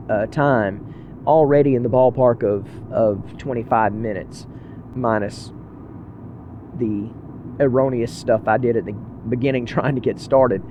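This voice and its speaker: A podcast host chats casually and earnestly to listeners from inside his car as he drives, in a rambling, self-deprecating solo talk. His voice is mid-range, the highs are cut off, and there's background noise.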